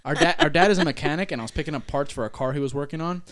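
A young man co-hosting a podcast, telling stories in an animated, swearing way and acting out other people's voices. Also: a little high, racing. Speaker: podcast co-host. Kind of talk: casual chat.

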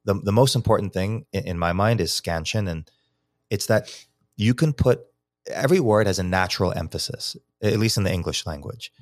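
A man's voice: lowish voice, expressive, moderate pace, no room sound, studio quality. A man from New York, a teacher and psychology researcher, explaining poetry as a guest in a casual podcast interview, thinking aloud with many restarts.

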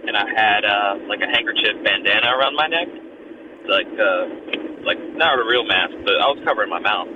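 A man's voice: lowish voice, animated, moderate pace. A man telling a rambling, profane story full of fillers, recorded casually. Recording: dull lo-fi recording with noise.

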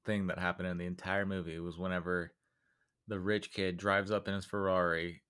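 Very low male voice, relaxed crude banter. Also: fairly quick, smooth. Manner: crude, laid-back storytelling. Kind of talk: casual chat.

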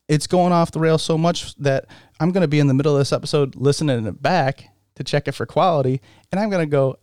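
A man's voice: on the high side, fairly quick, darkish tone, clean tone, no echo, studio quality. A man hosting his own podcast in casual solo chat, rambling and poking fun at himself, with frequent laughs. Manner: rambling, self-mocking, laughs often. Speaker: podcast host.

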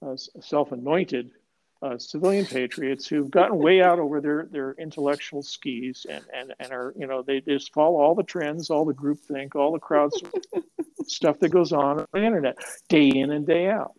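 A man's voice: a little high, normal speed, a little mellow, rough recording. Blunt, profane older man telling a story. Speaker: retired police sergeant, guest. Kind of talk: animated storytelling interview.

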